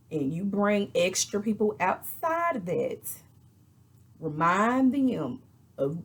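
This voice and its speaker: A woman recapping a reality show in casual, animated chat, acting out quotes with exasperated asides. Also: on the low side, vocal fry, slightly rough. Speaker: reality TV reviewer.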